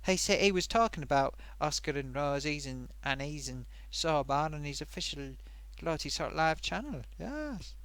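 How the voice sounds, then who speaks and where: A man's voice: on the high side, animated, moderate pace, a bit bright, clear, resonant tone. A man hosting a live stream in a rambling, chatty, self-amused way, reading out viewer comments with lots of fillers. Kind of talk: casual live-stream chat.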